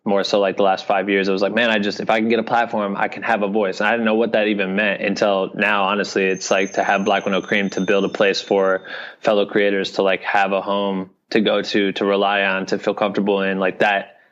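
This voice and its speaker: A man's voice: lowish voice, completely flat delivery, fairly quick, a bit bright, lo-fi sound. A young man from Iowa, a podcast guest, talking casually and rambling, often adding "you know what I mean". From Iowa, United States. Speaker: podcast guest, video director. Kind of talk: casual interview talk.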